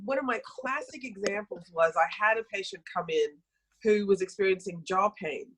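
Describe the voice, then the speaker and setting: A middle-aged woman, a health practitioner, talking on a podcast and telling stories from her practice in a lively, self-correcting way. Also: medium pitch, moderate pace, rough recording. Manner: storytelling, animated, self-correcting. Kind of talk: conversational podcast talk.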